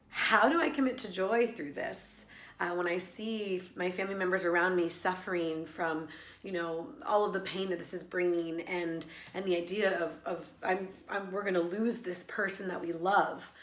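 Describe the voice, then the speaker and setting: A woman's voice: on the low side, fairly bright tone, echoey room. A woman who teaches laughter yoga, talking earnestly and reflectively in a personal vlog, with many fillers and restarts.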